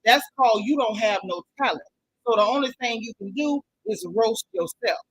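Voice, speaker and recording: A woman's voice: a little high, normal speed, breathy edge, rough recording. Sassy, blunt woman gossip host. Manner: sassy, blunt, repeats lines for emphasis. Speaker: commentary channel host. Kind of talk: casual gossip commentary reading live chat.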